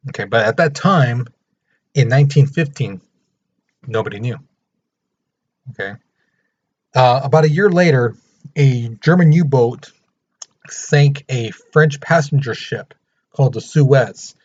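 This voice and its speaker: A man teaching a history lesson in a casual, chatty way, acting out quotes with a lively voice. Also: mid-range voice, unhurried, pauses often, muffled recording. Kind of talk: informal recorded history lecture.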